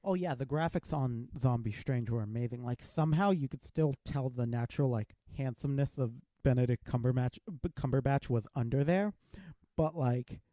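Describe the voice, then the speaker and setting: A man's voice: medium pitch, moderate pace, dark tone, no echo. A man hosting a podcast, chatting casually as he reviews a film and retells its scenes with quoted lines. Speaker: podcast host.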